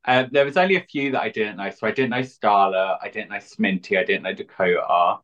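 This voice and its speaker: Man, drag queen guest, deadpan cheeky humor, lowish voice, muffled lo-fi audio. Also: a little fast. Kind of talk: casual interview chat. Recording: dull lo-fi audio.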